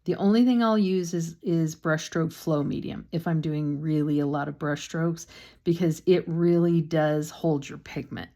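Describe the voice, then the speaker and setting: A woman's voice: sits low, a little slow, mellow. A woman painting instructor talks casually through a step-by-step demonstration, with chatty, self-deprecating asides and a slightly sore throat.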